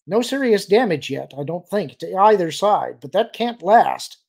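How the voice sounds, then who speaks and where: Audiobook: a man doing a tense woman leader, urgent, pleading, husky, high-lifted voice. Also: expressive, moderate pace, darkish tone, exaggerated voice.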